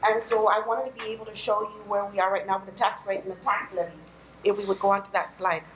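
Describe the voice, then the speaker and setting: A woman's voice: mid-range voice, fairly even intonation, quick pace. A woman, presenting city tax figures to a council in a friendly, joking way. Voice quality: raspy. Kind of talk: budget presentation at a public meeting. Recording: echoey council chamber, faint noise.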